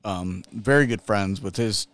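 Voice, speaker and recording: A middle-aged man co-hosting a podcast, talking slowly with many restarts and frequent laughter. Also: on the low side, fairly bright tone, slight background noise. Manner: laughs often, slow and halting with restarts. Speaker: podcast co-host. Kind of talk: casual podcast chat.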